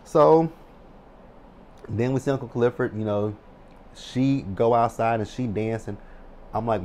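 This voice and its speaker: A man in his thirties casually recapping a TV episode, animated and excitable, swearing freely. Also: mid-range voice, a little slow, long pauses, slight background noise. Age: 30s. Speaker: TV recap vlogger.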